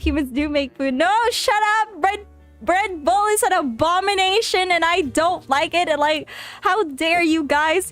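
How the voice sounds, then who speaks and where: A woman streaming a game and chatting casually with her viewers, animated and exclaiming, often in mock outrage. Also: high-pitched. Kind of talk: casual live-stream chat.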